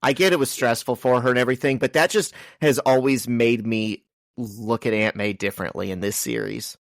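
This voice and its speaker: Man, podcast co-host, casual debate, mid-range pitch, dry recording. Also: steady tone, fairly quick, gravelly, no room sound. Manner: argues his point, defending characters. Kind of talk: casual comic-book podcast chat.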